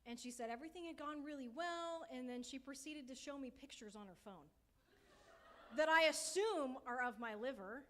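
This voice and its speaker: A woman's voice: high voice, normal speed, a bit bright, a little hiss or hum. A young adult woman sharing a personal testimony at a church conference, light and joking, laughing as she talks. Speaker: conference speaker.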